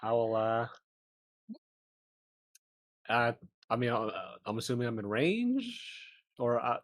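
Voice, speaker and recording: A man's voice: medium pitch, sing-song, takes it slowly, no room sound. Hesitant man, dry close sound. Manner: hesitant, many fillers. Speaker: player. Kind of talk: casual in-character play.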